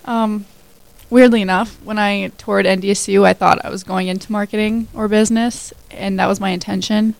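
A woman's voice: mid-range voice, fairly even intonation, moderate pace, vocal fry, dry recording, poor audio. A woman in her twenties, a new hire telling her story as a guest in a casual radio interview, chatty with many fillers. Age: 20s.

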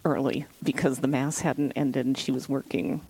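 A woman's voice: rumbling low, steady tone, normal speed, mellow, husky, poor audio. A woman guest telling her story in a casual interview, chatty and laughing often.

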